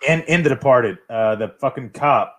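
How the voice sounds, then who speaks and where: A man from Texas hosting a casual stream chat, relaxed and rambling, with casual swearing. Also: mid-range voice, normal speed. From Austin, Texas. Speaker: host.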